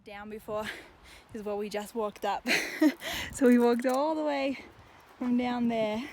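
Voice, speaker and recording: A woman's voice: fairly high pitch, fairly even intonation, unhurried, warm tone. Chatty young woman vlogging outdoors. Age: young adult. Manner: chatty, breathless from hiking. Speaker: travel vlogger. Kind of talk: casual vlog to camera. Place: outdoors on a mountain trail.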